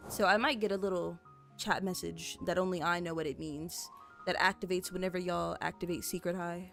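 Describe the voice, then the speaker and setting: A woman's voice: fairly low pitch, fairly even intonation, a little fast, vocal fry, a bit bright, faint music behind. A young woman streamer, rambling casually to her chat while building in a game, full of "like" and "you know". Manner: rambly, lots of "like" and "you know", apologetic and chatty with viewers.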